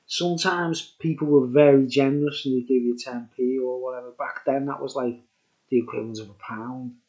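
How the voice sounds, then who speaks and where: An older man in his sixties tells a story in a casual, rambling way, drifting off on tangents and laughing at his own asides. His voice sits at an ordinary middle pitch. The recording sounds dull and lo-fi. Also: fairly even intonation, a little fast, a little mellow. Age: 60s. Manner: chatty, digressive, chuckling asides. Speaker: vlogger.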